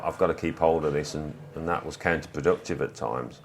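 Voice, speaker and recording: An English man in his fifties, a former footballer, telling stories in a relaxed interview with small restarts. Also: extremely low pitch, fast talker, a little hiss or hum. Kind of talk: reflective conversational storytelling.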